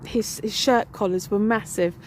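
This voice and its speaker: A woman's voice: mid-range voice, fairly even intonation, normal speed, noisy background. A woman walking through a graveyard, telling a rambling ghost story in a casual vlog with lots of fillers. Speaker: paranormal vlogger. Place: outdoors in a graveyard.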